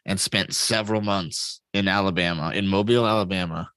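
Male podcast co-host, bright forceful tone, dry close mic, excitable and profane. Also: sits low, brisk, smooth, no room sound. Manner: profane, excitable, laughs often. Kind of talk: casual movie chat.

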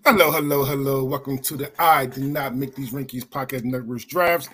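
A young male podcast host with a slightly husky voice, relaxed and loose as he runs the chat. He laughs easily, swears now and then and keeps things moving. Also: mid-range voice, normal speed. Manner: laid-back, laughs often, swears casually.

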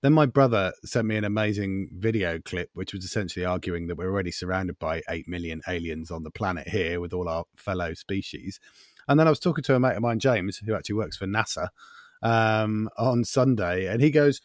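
Brief: low-voiced male co-host, chatty storyteller, dry sound. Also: a little fast, no echo. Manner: chatty, laughs easily. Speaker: podcast co-host. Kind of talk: casual chat.

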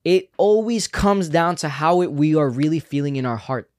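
A man's voice: fairly high pitch, expressive, a little mellow. A young man co-hosting a casual faith podcast, speaking earnestly and reflectively. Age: young adult. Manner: earnest, reflective, quick to affirm. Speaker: podcast co-host.

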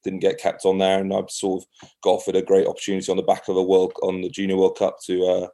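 A man's voice: low voice, monotone, fast, mellow. A young man with an English accent, a guest on a podcast, telling his story in an easygoing, self-deprecating way and laughing often. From England. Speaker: podcast guest, rugby player. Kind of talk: casual chat.

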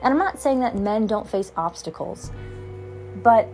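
A young woman hosts a podcast and talks in a frustrated, heated rant. Her voice sits at a middle pitch. Faint music plays behind her. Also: lively intonation, unhurried, darkish tone. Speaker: podcast host. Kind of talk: casual monologue.

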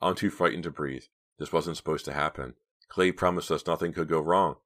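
A man's voice: steady tone, brisk, fairly bright tone. A man voicing a frightened teenage girl, anxious and pleading. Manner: anxious, pleading, high and strained.

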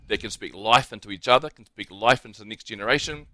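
A man's voice: on the low side, quick pace, sharp tone, no echo. A man with a New Zealand accent, a radio show guest, speaking earnestly and with feeling. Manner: earnest and heartfelt. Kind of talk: radio interview.

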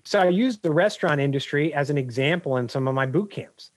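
A man who is a business coach, a guest on a podcast, telling anecdotes in an energetic, animated way. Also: a little high, brisk, dry recording. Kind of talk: podcast interview storytelling.

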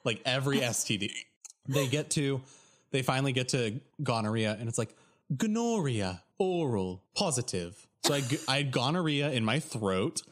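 A man's voice: mid-range voice, fairly quick, fairly bright tone. A young American man telling a story on a podcast, laughing and apologizing often while he has the hiccups. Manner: giggly, apologetic, rambling. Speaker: podcast co-host. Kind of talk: casual storytelling chat.

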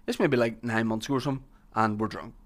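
A man's voice: mid-range voice, fairly even intonation, rapid-fire. Northern Irish man telling rambling stories. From Northern Ireland. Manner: rambling anecdotes, laughs often. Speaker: podcast host. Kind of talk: casual chat.

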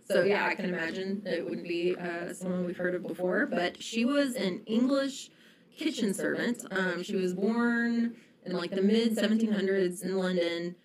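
A woman's voice: fairly low pitch, moderate pace, rough recording. Chatty young woman telling a story. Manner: chatty storytelling, many ums and likes. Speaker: podcast co-host telling a history story. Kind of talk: casual podcast chat.

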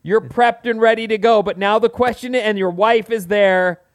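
A man's voice: high-pitched, no echo, clean studio sound. A man co-hosting a podcast, playfully spinning out joking scenarios in a casual, bantering way. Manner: playful storyteller, drawn-out setups. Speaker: podcast co-host.

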